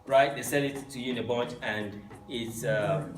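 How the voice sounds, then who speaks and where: A man teaching a Yoruba class, quizzing his students in an animated way and swooping up on key words. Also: medium pitch, normal speed. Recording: echoey room, distant mic, faint music.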